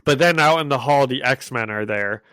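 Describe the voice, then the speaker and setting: A man's voice: medium pitch, moderate pace, fairly bright tone, clean tone, dry recording. Dry-sounding man recapping comics. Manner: laughs often while recapping the story. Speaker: podcast co-host. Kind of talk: casual comic-book podcast chat.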